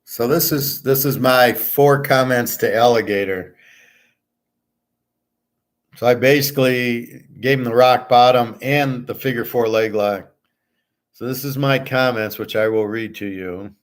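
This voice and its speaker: A man's voice: medium pitch, steady tone, unhurried. A man hosting his own show, ranting in a fed-up, profane monologue and reading out his own comments. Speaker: sports betting and gold commentary host.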